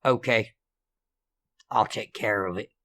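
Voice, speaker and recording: A hot-tempered, gruff father, as a man voices him, snapping out curses and threats. His voice stays close to the storyteller's own, only a little raised. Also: fairly low pitch, steady tone, slow, pushed and bright. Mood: irritated.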